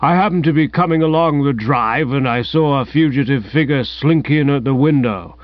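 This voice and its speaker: A man's voice: mid-range voice, moderate pace, no echo, lightly acted. A man voicing a stern, bullying man who speaks curtly and smugly in an audiobook. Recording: dull, dry, lo-fi sound.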